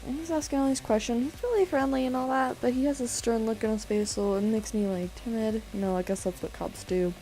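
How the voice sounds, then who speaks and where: A teenage girl from California telling a story in an animated, excitable way on a casual vlog. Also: a little high, a little fast, hardly any pauses, faint music behind, poor audio.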